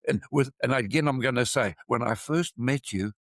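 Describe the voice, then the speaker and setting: An older man with a South African accent, an expert witness talking in a measured, emphatic way and repeating points for stress. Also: mid-range voice, fairly bright tone, no echo. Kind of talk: casual interview talk.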